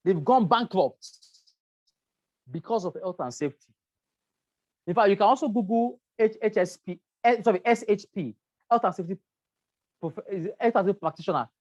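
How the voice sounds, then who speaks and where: A woman's voice: mid-range voice, expressive, normal speed, pauses often, a little mellow, no echo, dull audio. A woman teaching a health and safety class, stressing key words, repeating herself and checking in with "right?". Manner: emphatic, repeats words, asks "right?" often. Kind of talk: lecture to a class.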